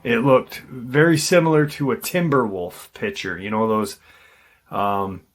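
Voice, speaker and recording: A medium-pitched man hosting a paranormal channel casually retells a witness's encounter, his speech halting and peppered with ums and restarts.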